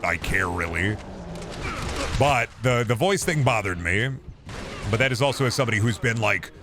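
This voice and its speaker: A man in his thirties with a deep voice, chatting casually on a stream into a boom mic, rambling with many restarts and casual swearing. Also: lively intonation, normal speed, over music. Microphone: boom microphone with compressor and EQ.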